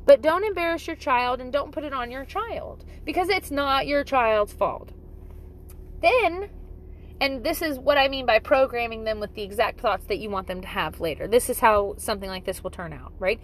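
A woman's voice: fairly high pitch, normal speed. Blunt, swearing mom in her thirties. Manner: blunt, emphatic, swears freely. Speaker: mother giving parenting advice. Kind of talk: casual talk to camera.

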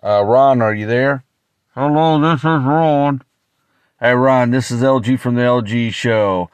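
A man hosting a call-in show, asking halting questions padded with fillers. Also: medium pitch, clear, resonant tone, no echo. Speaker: show host. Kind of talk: casual call-in chat.

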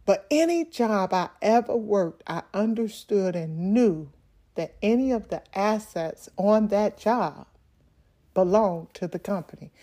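A woman's voice: medium pitch, expressive, measured pace, mellow. A middle-aged woman minister giving a personal testimony in an earnest way. She laughs often and repeats words when she stresses a point.

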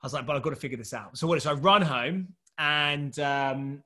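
Man, startup founder, lively storyteller, bright forceful voice, slightly higher pitch. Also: brisk. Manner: animated storyteller who laughs often and does voices. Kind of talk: anecdote in podcast chat.

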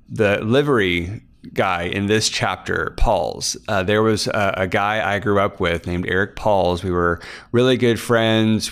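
A man's voice: low voice, a bit bright, clean tone. A man from Kansas, an author hosting his podcast, chatting casually behind the scenes with lots of fillers and restarts. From Kansas, USA. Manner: rambling, many fillers and restarts.

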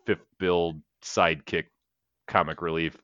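A man's voice: low-pitched, little pitch movement, measured pace, fairly bright tone, no room sound, highs cut off. A man co-hosting a casual movie podcast, rambling, swearing and laughing often. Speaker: podcast co-host.

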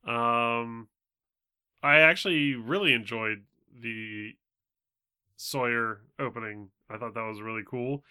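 Male panelist, smooth bright tone, dry mic, thoughtful and hesitant. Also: medium pitch, slow, no echo. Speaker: podcast co-host. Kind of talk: casual chat.

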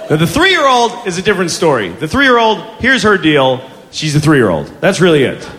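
A man's voice: on the high side, wildly swooping pitch, moderate pace, fairly bright tone, big-room sound, a faint crowd. A man in his forties doing stand-up, telling an exasperated, profane story. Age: 40s. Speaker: stand-up comedian. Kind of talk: stand-up comedy. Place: comedy club stage. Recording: live audience laughter, noisy club.

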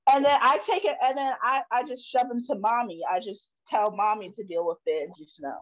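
A teenage girl on a family podcast, chatting casually and acting out her father's shouting. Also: on the high side, a little fast, muffled recording. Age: teens. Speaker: daughter guest. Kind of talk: casual chat.

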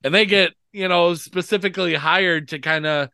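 A man's voice: sits high, normal speed, vocal fry, sharp tone, clear, resonant tone, no echo, clean studio sound. A man interviewing a guest in casual chat, laid-back, laughing often and talking with many fillers.

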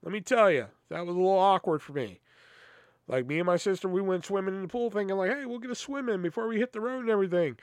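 A man's voice: sits high, fast talker, dry recording. A young man hosting a podcast, telling rambling personal stories in a casual, exasperated way with plenty of swearing. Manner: rambling, profane, exasperated storytelling. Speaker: podcast host. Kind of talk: casual storytelling.

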